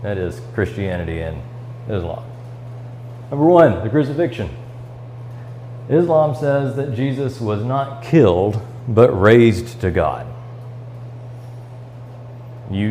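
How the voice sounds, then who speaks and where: A man's voice: lowish voice, expressive, slow pace, long pauses, a little mellow, a little hiss or hum, rough recording. Man teaching a church Bible study. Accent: American Midwestern. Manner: reads scripture aloud and explains it, with fillers and restarts. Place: church classroom.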